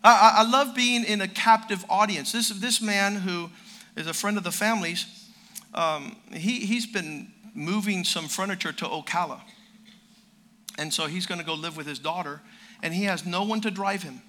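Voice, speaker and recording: A male pastor preaching a sermon, hammering phrases through repetition and dropping to a quiet voice for stories. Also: high-pitched, moderate pace. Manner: emphatic, repeats phrases for emphasis; drops to a quiet storytelling voice.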